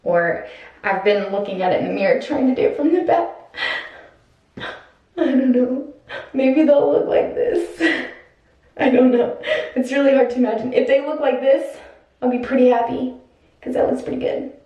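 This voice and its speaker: A woman's voice: high voice, brisk, lo-fi sound. A young woman from Oregon talking to her camera in a casual personal vlog, nervous, giggly and self-conscious. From Oregon, USA. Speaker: vlogger. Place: at home and in a car.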